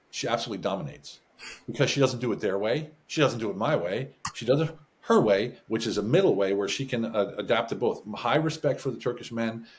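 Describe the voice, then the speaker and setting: An American man speaking as a guest in a casual interview, telling animated stories about business and often chuckling. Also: fairly low pitch, slight background noise. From United States. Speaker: podcast guest, business advisor.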